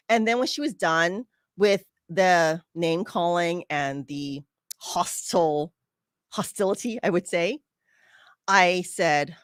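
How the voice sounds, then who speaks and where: In clean studio sound with no room echo, a woman podcast host with a medium-pitched voice tells a personal story and offers casual advice. She's animated, acting out her friends' lines as she goes.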